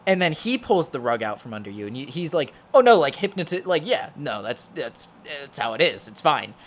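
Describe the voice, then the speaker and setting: A man's voice: fairly high pitch, big pitch swings, brisk. A young man co-hosting a podcast, chatting casually about a horror movie in a rambling, filler-heavy way with plenty of swearing. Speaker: podcast co-host. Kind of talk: casual movie review chat.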